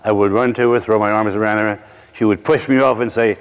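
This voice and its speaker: A middle-aged man from Brooklyn, preaching through a personal story with wry asides and slow dramatic pauses. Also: fairly low pitch, steady tone, clear, resonant tone, big-room sound. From Brooklyn, New York. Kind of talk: sermon storytelling.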